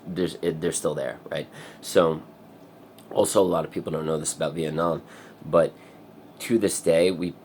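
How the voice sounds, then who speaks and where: Rambling, profane low-voiced man. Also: fairly even intonation, normal speed, long pauses, slight background noise. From United States. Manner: profane, rambling, breaks into loud high singing. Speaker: vlogger. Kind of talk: rambling casual monologue.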